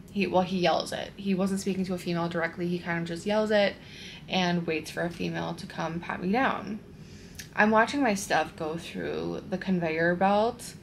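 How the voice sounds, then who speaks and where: A woman's voice: fairly low pitch, creaky, a little hiss or hum. Exasperated young woman telling a storytime. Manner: animated, exasperated storytelling with frequent "like". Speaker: vlogger. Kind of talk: storytime rant to camera. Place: at home, wearing a sheet mask.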